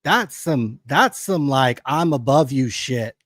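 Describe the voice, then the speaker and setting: A man's voice: mid-range voice, animated, takes it slowly, a bit bright, dry recording. Profane, fired-up male stream host. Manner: profane, angry ranting. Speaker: livestream host. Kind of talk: heated casual commentary.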